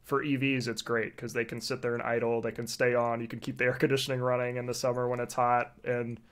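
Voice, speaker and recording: A man co-hosting a podcast who explains things in a relaxed, casual way, with plenty of fillers. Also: mid-range voice, fast. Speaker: podcast co-host. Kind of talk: casual chat.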